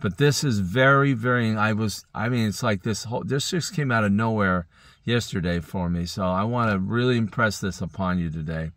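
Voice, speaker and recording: A man's voice: fairly low pitch, moderate pace, a bit bright, no echo, clean studio sound. A man preaching an early-morning Bible teaching, earnest and rambling, often correcting himself, sleepy and yawning. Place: indoors.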